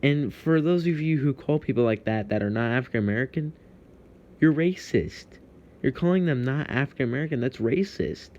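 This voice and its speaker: A man's voice: medium pitch, expressive, fairly quick, darkish tone, dull audio. A young man from Texas with a Texan accent, ranting heatedly to camera in a profane, confrontational vlog monologue.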